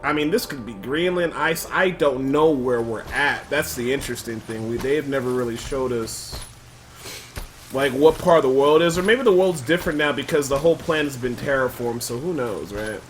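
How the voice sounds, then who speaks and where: A man giving gameplay commentary, thinking aloud and loudly trash-talking enemies with plenty of swearing. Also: medium pitch, normal speed, faint music behind. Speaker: let's play commentator.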